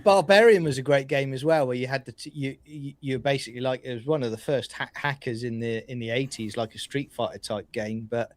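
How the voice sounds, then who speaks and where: A man co-hosting a casual podcast, eager and a little halting as he talks. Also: medium pitch, dry recording. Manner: enthusiastic, nostalgic, a little halting. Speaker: podcast co-host. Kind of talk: casual live podcast chat.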